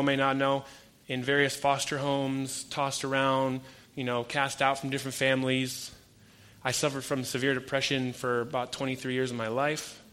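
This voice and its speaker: A man's voice: mid-range voice, pushed and bright. A young adult male pastor giving a conversational sermon, telling stories and acting out quoted exchanges with energy.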